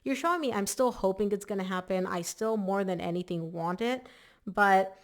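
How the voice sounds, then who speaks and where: A woman's voice: mid-range voice, normal speed. A woman giving a casual, chatty tarot reading to camera, emphatic and full of "like" fillers. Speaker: tarot reader.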